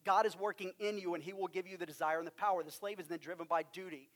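A man with a West Texas accent preaching a sermon, emphatic, with drawn-out stresses and rhetorical questions. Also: high-pitched, steady tone, a bit bright. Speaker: pastor.

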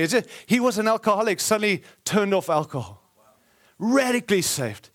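A man's voice: high voice, very animated, a little fast, fairly bright tone. A man preaching a sermon, telling a family story with acted quotes, frequent asides and self-corrections.

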